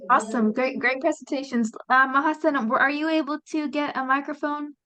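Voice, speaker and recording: A woman's voice: sits high, fairly even intonation, brisk, crowd noise, low-quality recording. A woman teaching English conversation practice, explaining patiently with fillers. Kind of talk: classroom instruction.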